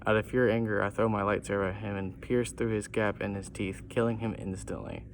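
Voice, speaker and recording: Low-voiced man reading a goofy story. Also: level tone, fairly quick, slight background noise. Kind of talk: reading a comic story aloud.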